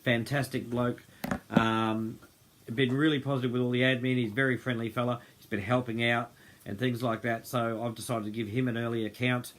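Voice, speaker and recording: A man's voice: medium pitch, little pitch movement, brisk, a little hiss or hum. A man hosting an unscripted livestream, rambling and often losing his train of thought. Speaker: host of a group livestream. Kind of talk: unscripted casual livestream talk.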